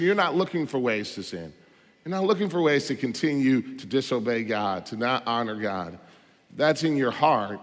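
A man pastor delivering a sermon in church, emphatic and full of rhetorical questions, swinging between loud stresses and quiet asides. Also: medium pitch. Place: church sanctuary. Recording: long hall reverb.

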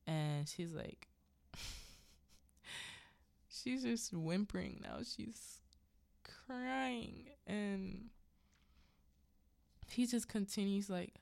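A woman's voice: medium pitch, drawn-out words, vocal fry, long pauses, a little mellow, no echo. A woman hosting a podcast who recaps a film in a casual, rambling way, full of unsure asides. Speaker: podcast host.

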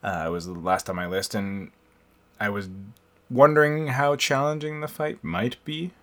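A man's voice: mid-range voice, steady tone, moderate pace, a bit bright. A man hosting a podcast in casual chat, talkative and laughing often. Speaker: podcast host.

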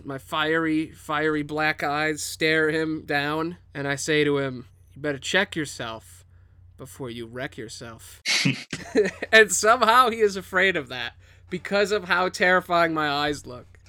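A man's voice: on the high side, measured pace, bright, forceful tone, clean tone, dry recording. A young man joking around as a player in a tabletop game, sometimes putting on voices for his character.

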